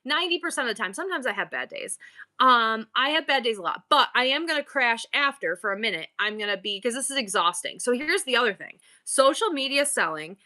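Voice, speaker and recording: A woman's voice: fairly high pitch, expressive, a little fast, pushed and bright. A middle-aged woman hosting a live-selling stream, bubbly and playful in an exaggerated customer-service voice, rambling between topics. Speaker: online live-selling host. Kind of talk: casual livestream chat.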